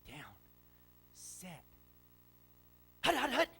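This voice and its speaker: A man voicing a cheeky five-year-old boy who shouts football calls in a sing-song way. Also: high-pitched, huge pitch swings, extremely slow, vocal fry, faint music behind, pitched above the performer's own voice, heavily acted. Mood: gleeful shouting.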